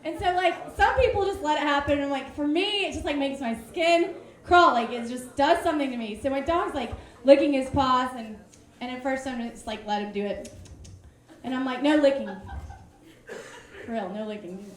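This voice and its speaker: Woman, high bright register, excitable stand-up host; club room echo. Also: brisk. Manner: bubbly, excitable, self-mocking. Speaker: comedy show host. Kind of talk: live stand-up comedy. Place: comedy club stage.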